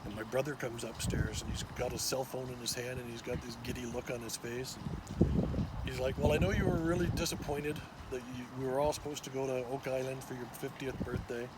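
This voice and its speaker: A man in his fifties vlogs outdoors, talking excitably into a phone on a selfie stick. His voice sits at an ordinary pitch. Loud boat engines and water fill the background. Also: brisk, very noisy. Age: 50s. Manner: excitable, animated, with small restarts and laughs. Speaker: vlogger. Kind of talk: casual storytelling to camera.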